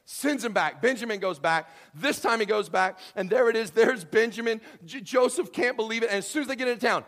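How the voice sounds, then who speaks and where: A man preaching a sermon, telling a story with lively acted-out voices and swinging from quiet to loud. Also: sits high, fast talker, hardly any pauses. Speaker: pastor.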